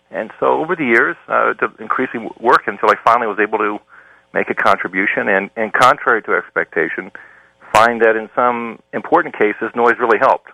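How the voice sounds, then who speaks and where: A man, a professor guest on a talk show, explaining ideas in a measured, lecturing way. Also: lowish voice, gravelly, sharp tone, no room sound, muffled recording. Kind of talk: explanatory interview answers.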